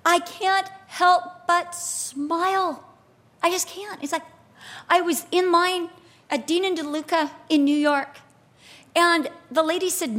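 A woman with a high, bright voice delivers an animated sermon. She tells stories with vivid acted-out quotes and a lot of expression. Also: moderate pace. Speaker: preacher.

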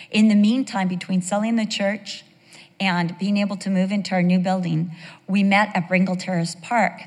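A woman pastor telling church stories in an animated sermon, sometimes dropping to a whisper. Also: mid-range voice. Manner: animated storyteller, drops to a whisper for emphasis. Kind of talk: sermon storytelling. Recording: long reverb of a large hall.

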